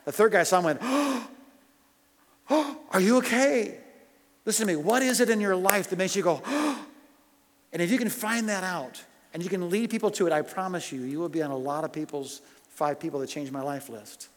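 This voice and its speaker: Male pastor, fervent sermon delivery, slightly higher voice, long hall echo. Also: quick pace. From United States. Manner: impassioned, swinging from loud urgent questions to hushed storytelling.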